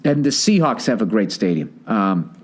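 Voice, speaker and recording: A man's voice: fairly low pitch, big pitch swings, normal speed. A man in his forties hosting a podcast, telling a rambling, profane comedic story and acting out the voices of the people in it. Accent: Boston. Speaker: podcast host. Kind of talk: casual comedic monologue.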